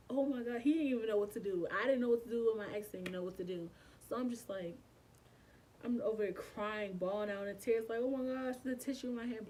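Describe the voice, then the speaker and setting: A woman's voice: medium pitch, recorded from a distance, poor audio. A young woman, telling a painful personal story in a casual, emotional way, with frequent swearing and slang. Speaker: vlogger. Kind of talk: storytime vlog.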